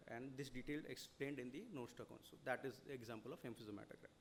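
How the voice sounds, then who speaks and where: A man with an Indian English accent delivers a seminar lecture at a very fast clip. His voice sits at a middle pitch, and he keeps his explanations rolling with frequent "you know" and checks of "okay?". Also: fairly even intonation, a little hiss or hum. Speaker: lecturer on audit reporting.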